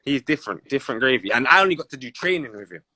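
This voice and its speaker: A young man with a London accent, a former footballer telling stories in a casual sit-down interview, animated and full of street slang. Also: mid-range voice, racing, husky, dry recording.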